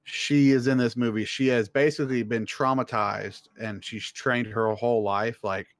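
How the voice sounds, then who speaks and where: A man's voice: mid-range voice, steady tone, moderate pace, no room sound. Man rambling eagerly on a podcast. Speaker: podcast co-host. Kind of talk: casual chat.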